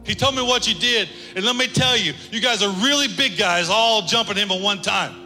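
A man voicing a furious, protective father who shouts threats at bullies, in a reverberant hall. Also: high-pitched, a little fast, soft background music, pitched above the performer's own voice.

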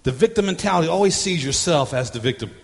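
A man's voice: fairly high pitch, expressive, quick pace, vocal fry, in a large hall. A male pastor delivering a sermon in a repetitive preaching cadence, breaking into humorous role-play.

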